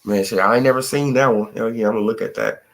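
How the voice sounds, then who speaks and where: A man's voice: fairly low pitch, fairly even intonation, quick pace, creaky. Slangy, rambling male livestream host. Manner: slangy, profane, rambling talk with lots of "bro" and "man". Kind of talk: casual livestream commentary on boxing.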